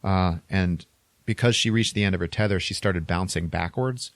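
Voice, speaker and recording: A man's voice: low-pitched, moderate pace, no echo. A man co-hosting a podcast, casually retelling a film plot in a rambling way, chuckling between lines and saying "like" a lot. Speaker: podcast co-host.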